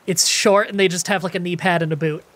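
A woman's voice: fairly low pitch, steady tone, fast talker, fairly bright tone. Chatty Canadian woman gaming host. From Ontario, Canada. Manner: chatty, joking, swears casually. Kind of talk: casual multiplayer gameplay commentary.

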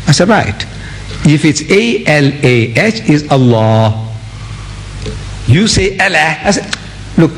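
Man, religious lecturer, slightly high voice, theatrical, animated, faint background noise. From India. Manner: animated, theatrical, spells words out and mimics others.

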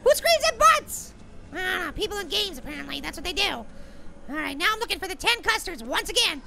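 A performer voicing a tiny, excitable cartoon apple who hosts a gaming video, yelling and giving silly names to the monsters. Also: very high-pitched, quick pace, gravelly, heavily acted. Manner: excitable, shrieks and yells, silly name-calling. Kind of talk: cartoon character game commentary.

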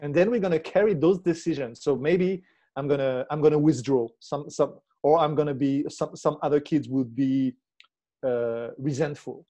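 Mellow-voiced man explaining as a coach. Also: fairly high pitch, fairly even intonation, moderate pace. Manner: reflective, checks in with tag questions. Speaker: relationship coach. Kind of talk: explanatory interview talk.

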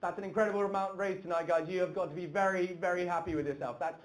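A woman calling a live charity auction, brisk and upbeat, teasing the bidders. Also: on the low side, fairly even intonation. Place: indoor event hall. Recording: echoey hall with chattering crowd.

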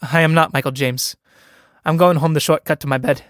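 A man's voice: fairly high pitch, fairly even intonation, a little fast, fairly bright tone, no room sound, studio quality, natural voice. A man reading a play aloud, voicing a timid, awkward young farmer who speaks uneasily and hesitantly.

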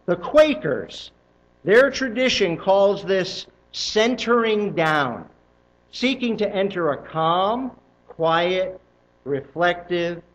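A male pastor preaching a sermon in a church, emphatic and animated, with joking asides to the congregation. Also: a little high, muffled recording. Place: church sanctuary.

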